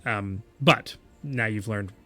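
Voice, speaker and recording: A man's voice: lowish voice, takes it slowly, sharp tone, faint music behind. A man narrating as game master in a tabletop game, hesitant with many fillers.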